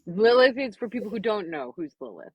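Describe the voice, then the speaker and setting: A woman from New York hosts a casual live stream, animated and full of quick asides. Her voice sits at a middling pitch and sounds dry and close, with no room around it. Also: husky, no echo, highs cut off.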